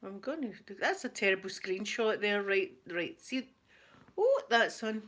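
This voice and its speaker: A woman's voice: medium pitch, sing-song, a little slow, a bit bright. Chatty self-mocking Scottish woman. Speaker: ASMR vlogger. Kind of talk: casual chat to viewers. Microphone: laptop.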